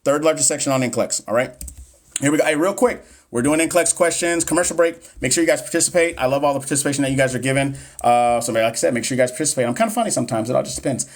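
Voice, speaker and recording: A man in his thirties hosts a casual live stream and reads nursing exam questions out loud. He chats and jokes with his viewers and trips over hard medical words. His pitch sits in an ordinary middle range. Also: very fast. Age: 30s. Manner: joking, chatty, talks straight to viewers, stumbles on medical terms.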